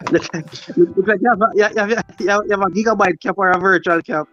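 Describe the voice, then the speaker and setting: A man's voice: sits high, steady tone, brisk, fairly bright tone, dull audio, soft background music. A man on a talk show panel, arguing back and ribbing the others in play. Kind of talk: joking casual chat.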